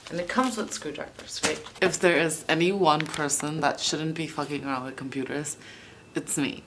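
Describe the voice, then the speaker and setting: A young woman with a low voice talks her way through a fix in a chatty home vlog. She swears freely and laughs at herself. The recording carries a clear background hiss. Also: normal speed. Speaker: vlogger. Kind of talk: casual vlog narration while working.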